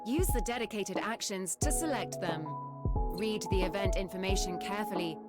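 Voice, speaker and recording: A woman voicing a calm career-mode tutorial guide in a racing game, giving measured instructions. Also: medium pitch, natural voice. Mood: instructive. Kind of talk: scripted instructional voice-over. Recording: game audio with loud music behind.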